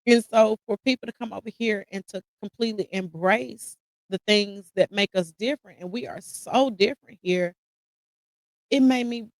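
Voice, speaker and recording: American woman host, mid-pitched, tearful and candid personal monologue, dry close sound. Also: moderate pace, no room sound, low-quality recording. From United States. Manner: emotional, holding back tears; casual, addresses listeners as y'all. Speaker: podcast host.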